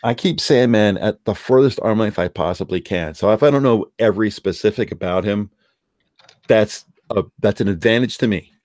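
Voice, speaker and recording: A man's voice: on the low side, moderate pace, a little mellow, no echo, clean studio sound. A man hosting a live stream, giving blunt, rambling opinions in casual chat. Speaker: streamer hosting a call-in discussion.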